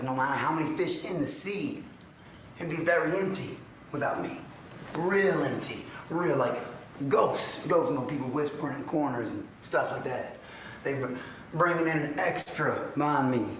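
A hoarse man losing his voice, delivering a brash, boastful pro wrestling trash-talk promo as a reality show contestant. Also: mid-range voice, fairly bright tone, far from the mic. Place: large echoey house interior. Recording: echoey dull livestream audio with faint noise.

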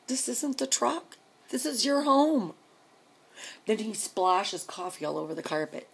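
A woman's voice: on the low side, breathy edge. A middle-aged woman venting to camera in a rambling, exasperated, sarcastic rant. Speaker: vlogger.

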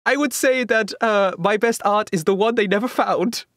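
A man voicing a boastful male Renaissance genius with a deliberately hammy fake Italian accent, pausing grandly during a tabletop role-play. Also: high voice, a bit bright, no echo, clean studio sound, voice pushed up. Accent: Italian (put on, deliberately bad).

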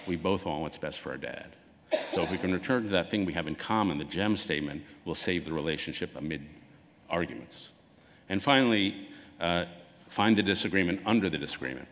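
A man giving a conversational public talk as an author, acting out quoted dialogue as he goes. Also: low-pitched. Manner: conversational, acts out quoted dialogue with lively swings. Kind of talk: public lecture. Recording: long hall reverb.

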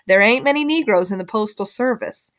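A woman voicing a gentle, patient mother who speaks softly in a storybook reading. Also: on the high side, animated, fairly quick. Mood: soothing. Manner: soft-spoken, reassuring.

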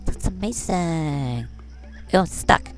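A woman with a low-pitched, slow yet animated voice plays a vain, catty fashion doll in comedic in-character game commentary. Boastful, the doll brags and talks in valley-girl slang while remarking on the game.

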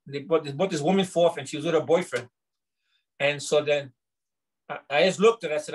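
A middle-aged male pastor from New York, teaching with personal testimony and acting out the dialogue as an animated storyteller in a small group. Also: a little high, a little fast, long pauses, poor audio.

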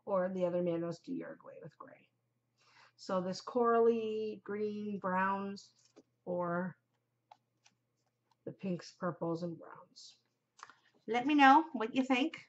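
A middle-aged woman hosts a podcast, chatting casually to camera, giggling and getting easily distracted. Her voice is mid-range, and the audio sounds dull.

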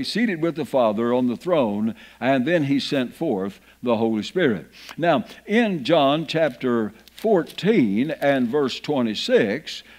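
Animated preacher man, lively rising voice. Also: medium pitch. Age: over 50. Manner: reads scripture aloud, folksy asides. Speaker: pastor. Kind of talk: sermon. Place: church sanctuary.

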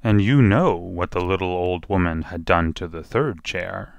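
A man's voice: deep voice, measured pace, vocal fry, dry recording. A man narrating a children's storybook expressively, drawing out repeated phrases.

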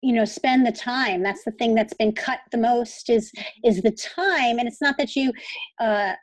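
Woman host rambling supportively, highish voice, dry close mic. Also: a little slow, dry recording, rough recording. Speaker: podcast host. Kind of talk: casual interview chat.

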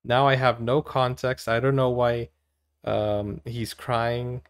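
A man from Brazil, hosting casual movie reaction commentary, chatty and giggly, with animated exclamations. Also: medium pitch, slow pace, smooth.

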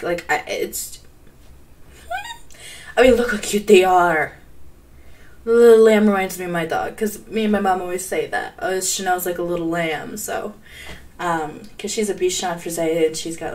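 A young woman reacting live on a stream from her bedroom, giddy and bubbly, talking close to a desk mic. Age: young adult. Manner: giddy, bubbly, breaks into high squeals. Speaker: gaming streamer.

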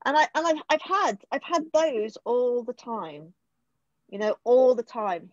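A middle-aged woman with a British accent, speaking from the heart in an emotional, halting way, pausing and restarting as she opens up. Her voice sits at an ordinary pitch. It comes through a slightly dull, muffled online call with no room echo. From United Kingdom. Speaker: guest. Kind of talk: personal recovery story in conversation.

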